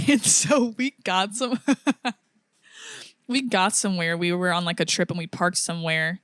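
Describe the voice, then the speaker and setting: A woman's voice: medium pitch, unhurried, no echo, studio quality. A young woman co-hosting a podcast, telling a story and acting out what people said, laughing often. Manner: animated storyteller, laughs often, acts out quotes. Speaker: podcast co-host. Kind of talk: casual chat, storytelling.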